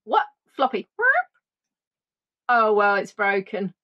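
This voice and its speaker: A woman tour guide chatting through a playful, animated reminiscing monologue. She jumps between voices to act out what people said. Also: mid-range voice, takes it slowly, muffled recording. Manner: animated, playful, acts out quotes in funny voices.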